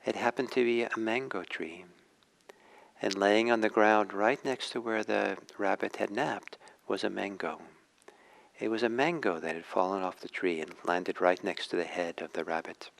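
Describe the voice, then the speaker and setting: A male meditation teacher telling a teaching story in a dharma talk, gentle and unhurried, with frequent hesitations. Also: lowish voice, vocal fry, rough recording.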